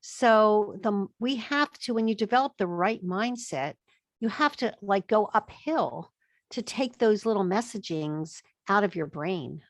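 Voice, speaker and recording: A woman's voice: medium pitch, no room sound. A woman speaking as a guest expert in a podcast interview, emphatic and acting out what she thinks to herself. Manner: emphatic, acts out quoted thoughts. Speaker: guest expert on chronic illness.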